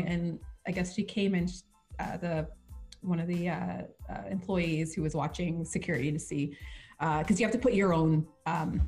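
A Canadian woman hosting a casual podcast chat, an animated storyteller who laughs often. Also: on the low side. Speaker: podcast host.

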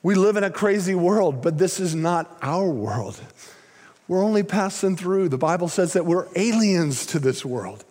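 An older man preaching a sermon, swinging between loud emphatic lines and hushed, low phrases. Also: animated, unhurried. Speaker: pastor. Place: large church sanctuary. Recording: long hall reverb.

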